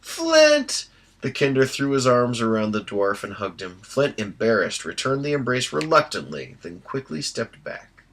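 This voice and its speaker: A man reading an audiobook aloud in a steady storytelling voice. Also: on the low side, normal speed, few pauses, rough recording. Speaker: audiobook reader. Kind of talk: amateur audiobook narration.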